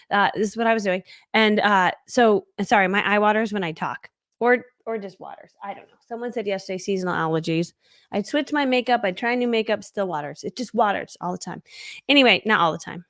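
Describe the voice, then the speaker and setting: A woman's voice: mid-range voice, gravelly, a bit bright, dry recording, studio quality. A woman in her forties telling her story in a chatty livestream, laughing often and acting out quoted voices. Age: 40s. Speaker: network marketing coach. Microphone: streaming setup.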